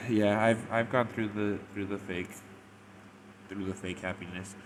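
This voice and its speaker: Low-voiced man rambling through a review. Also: steady tone, a little slow, slight background noise. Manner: rambling retelling, full of "like" and "or whatever". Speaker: fanfic reviewer. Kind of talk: casual spoken review.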